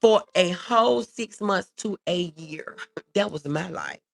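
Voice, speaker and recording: A woman's voice: fairly low pitch, slow, creaky, soft background music. A woman hosting a casual livestream, reading viewer comments aloud and answering them in an earnest, reassuring way, often repeating her key phrases.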